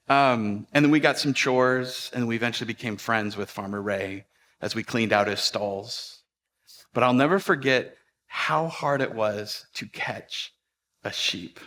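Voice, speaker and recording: Man, pastor, sermon storytelling, bright ringing voice, animated, quick then hushed. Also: medium pitch. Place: church sanctuary.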